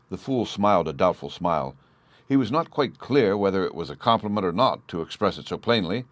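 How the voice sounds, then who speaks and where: A man narrating an audiobook in an even, measured storytelling manner. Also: low-pitched, no echo. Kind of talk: scripted narration.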